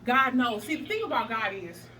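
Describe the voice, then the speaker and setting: With a high, pushed, bright voice swinging widely in pitch, a plus-size vlogger talks at normal speed through a motivational workout. She's emphatic, sassy, and preachy, laughs often, and sometimes loses breath; a faint hiss or hum, background music, and a distant mic color the recording.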